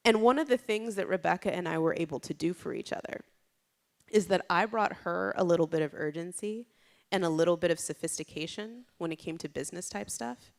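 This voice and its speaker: A woman's voice: mid-range voice, gravelly. A woman giving a conversational keynote talk at a conference. She tells stories informally, often saying "like" and "you know", and raises her voice when she acts out what people said. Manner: lively, dramatizes quotes with raised voice. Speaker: conference speaker.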